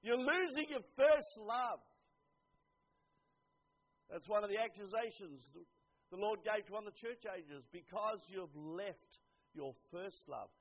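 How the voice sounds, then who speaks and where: An older man preaching a sermon, earnest, dropping to a hush and then rising to emphatic lines. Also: high voice, normal speed. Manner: earnest, swings from hushed to emphatic. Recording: dull lo-fi recording.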